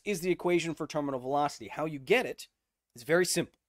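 A man in his thirties hosting a live stream, reading chat questions aloud and explaining science in an energetic way. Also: fairly high pitch, quick pace, no echo, studio quality. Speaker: host.

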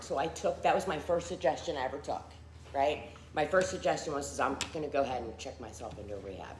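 Woman, middle-aged, low voice, candid testimony, roomy echo, faint noise. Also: fast. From Philadelphia area. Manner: candid, frequent fillers, acts out quoted people. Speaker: recovery testimony speaker. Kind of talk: personal testimony.

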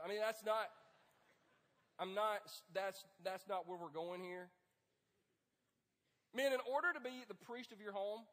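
High-voiced preaching man, big hall. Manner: animated, joking, preaching to men. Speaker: pastor. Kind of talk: sermon. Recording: long hall reverb.

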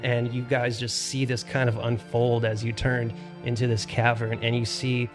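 Flat-voiced man running a tabletop game. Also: medium pitch, normal speed, over music. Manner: steady descriptive narration with frequent fillers. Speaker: game master.

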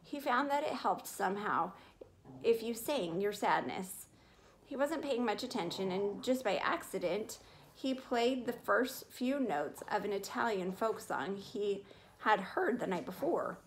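A woman reading a children's chapter book aloud at a medium pitch, in a clear and steady storytelling manner. Faint background noise sits behind her voice. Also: unhurried. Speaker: reader.

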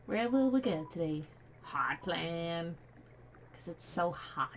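A woman's voice: on the low side, expressive, slow pace, a little hiss or hum. A young woman casually commenting as she plays a game, giggling, easily spooked, and reading the on-screen text aloud. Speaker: let's play gamer.

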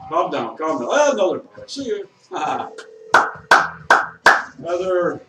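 Man at a bar, profane rambling rant with sudden shouts, lively pitch, recorded from a distance in a roomy space. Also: slow pace. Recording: echoey room, distant mic, faint music.

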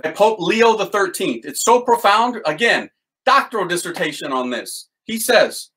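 A man teaching a Catholic devotional series with excited commentary on quotes, then leading a litany prayer. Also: high-pitched, poor audio. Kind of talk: enthusiastic spiritual teaching and prayer.

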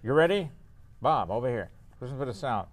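A man's voice: medium pitch, animated, a little fast. A man hosting a local variety show, teasing his guests with constant jokes and laughter. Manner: teasing, wisecracking, laughs often. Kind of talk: joking local cable show banter. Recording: faint room noise.

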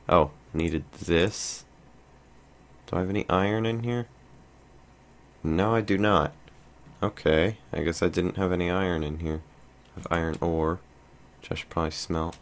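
Deep-voiced man rambling over gameplay. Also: a bit bright. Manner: rambling, thinking aloud with many fillers and restarts. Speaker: let's play host. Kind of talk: casual gameplay commentary.

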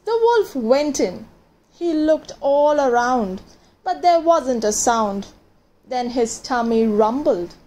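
A woman reading a children's fairy tale aloud, gentle and dramatic, with pauses for effect. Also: sits high, animated. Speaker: storyteller.

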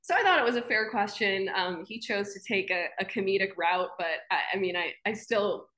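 Bright-voiced young woman telling stories. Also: mid-range voice, fairly quick. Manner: chatty storyteller, laughs often, many fillers. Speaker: sports anchor, guest. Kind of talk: casual interview chat.

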